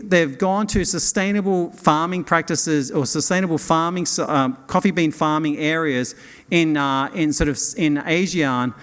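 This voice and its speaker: A man in middle age introduces companies from a conference stage, keen and a little rambling, often restarting his sentences. His voice sits a bit high and sounds smooth and clear. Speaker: event host. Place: hotel conference hall.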